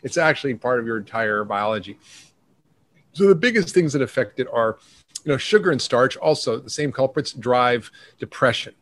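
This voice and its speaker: A man's voice: medium pitch, expressive, normal speed, dry recording. Man rattling off long lists. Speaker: functional medicine doctor, guest. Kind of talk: podcast interview.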